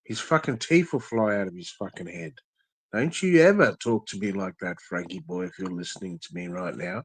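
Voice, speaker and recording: A man's voice: fairly low pitch, animated, normal speed, slightly rough, no echo. Aggressive, profane man ranting. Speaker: guest. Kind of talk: angry rant in casual chat.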